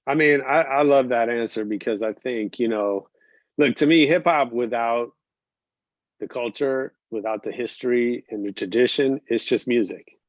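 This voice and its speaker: A man's voice: medium pitch, normal speed, no room sound. A man hosting a podcast interview, reflective, with frequent fillers and affirmations. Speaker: podcast host. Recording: dry, slightly dull sound.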